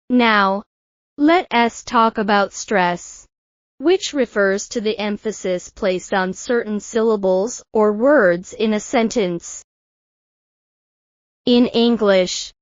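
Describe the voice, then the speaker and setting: A woman teaching an English pronunciation lesson in a scripted style, modelling words slowly and clearly for the learner to repeat. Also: medium pitch, no echo, muffled recording. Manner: slow, deliberate, models words for repetition.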